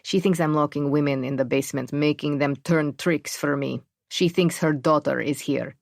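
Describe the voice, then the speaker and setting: A woman's voice: low-pitched, fairly even intonation, moderate pace, vocal fry, dry recording. Crude, wary male superintendent, put on by a female audiobook narrator; coarse, swearing delivery, dry close sound. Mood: grudging.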